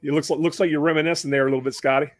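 Male podcast host, slightly high, dry close sound; casual storyteller, animated, restarts often. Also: rapid-fire, dry recording. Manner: animated, acts out other people in raised voices; conversational with frequent restarts.

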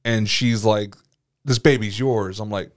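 Male co-host, slightly low voice; relaxed, profane storyteller who laughs easily. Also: measured pace. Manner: swears a lot, laughs often, animated storytelling. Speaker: podcast co-host. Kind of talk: casual chat.

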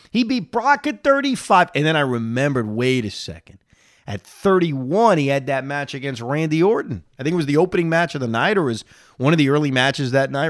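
Recorded at studio quality with no echo, a man with a medium-pitched voice runs a solo reaction podcast. Animated and opinionated, he talks directly to listeners while dealing with a lingering cough.

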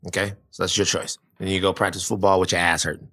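A man telling a long personal story in casual chat, animated and profane, often restarting his sentences. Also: low voice, fast talker, no room sound, clean studio sound.

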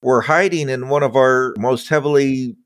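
A man's voice: mid-range voice, steady tone, moderate pace, no room sound, studio quality, close to an everyday voice. A man playing a desperate male cargo ship captain who pleads urgently for help.

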